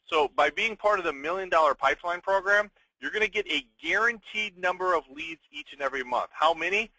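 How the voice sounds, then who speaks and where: A man hosts a sales webinar with a bright, somewhat high voice, recorded dry and close. He pitches in an upbeat way, firing off rhetorical questions and answering them himself, and checks in with the audience with a quick "okay?". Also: lively intonation, no room sound, low-quality recording. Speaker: webinar host.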